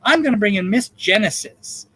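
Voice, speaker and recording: High, lively, campy male bingo host. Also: slightly rough, low-quality recording. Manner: campy, jokey, drawn-out number calls. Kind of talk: live charity bingo hosting.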